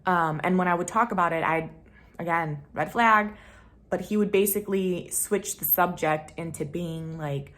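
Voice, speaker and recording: A young woman vlogger telling a personal story to camera, candid and slangy, swinging between loud emphasis and hushed asides. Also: on the low side, fairly even intonation, unhurried. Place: home room.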